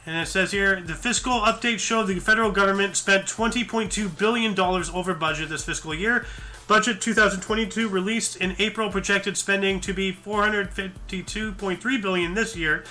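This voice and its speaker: A man's voice: high voice, steady tone, a little fast, sharp tone, faint music behind. Tired, rambling male news-show host. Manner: rambling, with many fillers and self-corrections. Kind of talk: casual news commentary, reading articles aloud.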